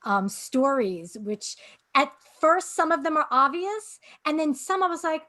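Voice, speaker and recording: A woman's voice: sits high, big pitch swings, unhurried, pushed and bright. A woman from New York City hosting an interview and asking friendly, prepared questions. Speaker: podcast host.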